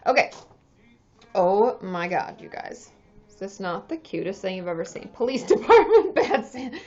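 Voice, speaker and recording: A woman's voice: medium pitch, big pitch swings, moderate pace, warm tone. A woman therapist chatting casually on a livestream, candid and chatty, swearing freely and laughing often. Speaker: licensed therapist hosting a livestream. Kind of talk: casual live-stream chat. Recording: dull lo-fi live-stream audio.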